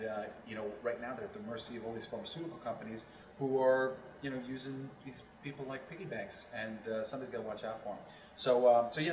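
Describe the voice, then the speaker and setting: A man from New York, a voiceover actor, talking casually as an interview guest and rambling with many fillers. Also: medium pitch. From New York, Long Island. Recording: roomy, distant mic.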